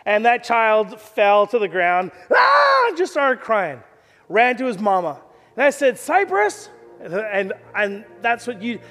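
A middle-aged man preaching a sermon as pastor, telling stories in an animated way and acting out the quotes. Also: high voice, long reverb tail. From Canada. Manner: animated storytelling, acts out quotes. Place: church service.

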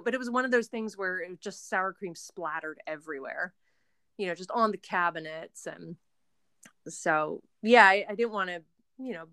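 A woman's voice: mid-range voice, sharp tone, dry recording. Young woman, mother as interview guest, chatty and rambling, dry close-miked sound. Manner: chatty, rambling, frequent fillers and restarts. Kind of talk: casual interview chat.

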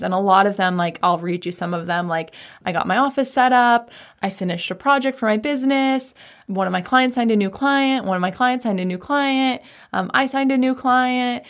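A woman speaks in a relaxed, chatty way, with a gravelly, fry-tinged edge. She sounds like a coach sharing habits, upbeat and informal. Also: medium pitch. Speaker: business coach. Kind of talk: casual mindset talk. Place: home office.

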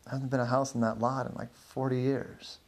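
Worn-out forties neighbor guy, rambles and trails off, rough husky voice, as a storyteller puts him on. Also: mid-range voice, level tone, moderate pace. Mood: weary. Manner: rambling, hesitant, many fillers. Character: neighbor man in his forties, weary, evasive.

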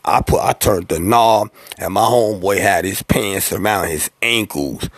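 A man spins a raw personal tale in loose street slang, swearing freely. His voice is gravelly and a little husky. He sits close in a dry, dead-sounding space. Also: low-pitched, a little slow, no echo. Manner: slangy, profane, streetwise delivery; acts out quoted voices. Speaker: rapper telling an industry story. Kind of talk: casual anecdotal storytelling.

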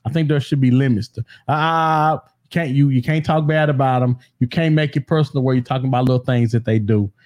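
A man co-hosting a casual talk show, animated and joking, acting out quotes in comic voices and speaking. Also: medium pitch, fairly quick, few pauses. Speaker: podcast co-host. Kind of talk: casual chat.

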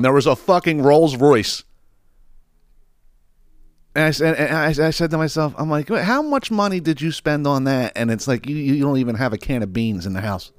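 A man's voice: mid-range voice, no room sound, clean studio sound. A man hosting a podcast, ranting in a casual comedic way. He swears freely and laughs at his own stories. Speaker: podcast host.

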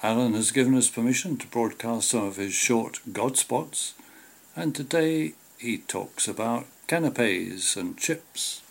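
A man presenting a radio programme, introducing items in a measured, plain way. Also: medium pitch, gravelly. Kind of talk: radio link announcements.

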